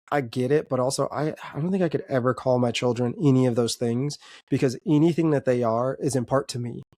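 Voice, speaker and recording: A man in the middle of the pitch range, speaking as a podcast guest. He talks in loose, rambling sentences full of fillers, open and self-reflective. The sound is dry and close, with no room around him. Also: a little mellow, no echo. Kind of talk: casual podcast chat.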